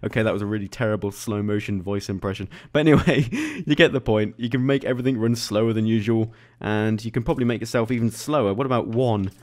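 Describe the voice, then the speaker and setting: A man giving casual gameplay commentary as a YouTube host. He talks in a chatty, excitable way and laughs often. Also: fairly low pitch, quick pace.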